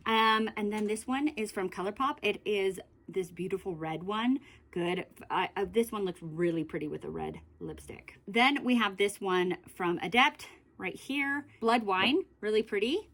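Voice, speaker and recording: A woman's voice: mid-range voice, big pitch swings, unhurried, fairly bright tone. A young woman beauty vlogger chatting casually through a product review, rambling with many fillers.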